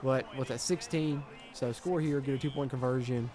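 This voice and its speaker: A man's voice: mid-range voice, fairly even intonation, normal speed, a crowd in the background. A man chatting through a football video game stream, swinging between frustration and hype as he reads viewer comments. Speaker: gaming streamer. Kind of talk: live gameplay commentary and chat.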